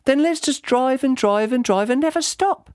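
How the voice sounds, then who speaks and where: A man voicing a worried, sharp-tongued eleven-year-old boy in a storybook reading, speaking high and insistently. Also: lively intonation, moderate pace, clean tone, no echo, clean studio sound. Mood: anxious, insistent.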